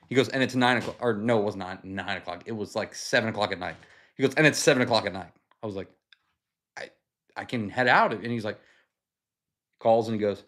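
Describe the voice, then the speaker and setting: A young man from the United States chats on a casual livestream, telling a story loosely with lots of fillers. He acts out what people said to him and swears freely. His voice sits at an ordinary middle pitch. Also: fast. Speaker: livestream host.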